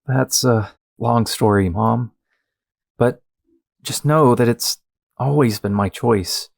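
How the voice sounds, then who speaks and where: A man playing a halting, apologetic young hero. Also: mid-range voice, gravelly, no echo, studio quality. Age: young adult.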